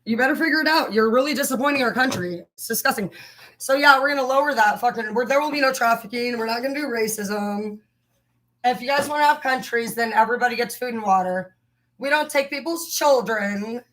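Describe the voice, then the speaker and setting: Bright, profane woman ranting on a livestream. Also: a little high, brisk, low-quality recording. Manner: profane, heated, rambling. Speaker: livestream host. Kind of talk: casual livestream rant.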